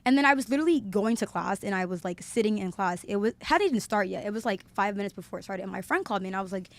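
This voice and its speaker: A woman's voice: mid-range voice, racing, hardly any pauses. A young woman, a podcast guest telling a story in casual chat and acting out the quotes. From Alabama, USA. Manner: chatty storyteller, lots of "like", acts out quotes.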